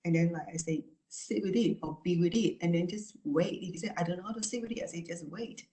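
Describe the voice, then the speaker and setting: A woman therapist giving an online talk and answering questions, speaking calmly and repetitively with many "you know" and "right?" asides. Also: lowish voice, fast, roomy sound.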